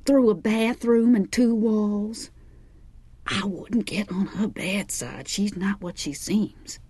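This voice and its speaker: A woman narrator voicing a wary young college woman who speaks slowly and cautions her friend. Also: a little high, lively intonation, warm tone, voice pushed up, heavily acted. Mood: cautioning.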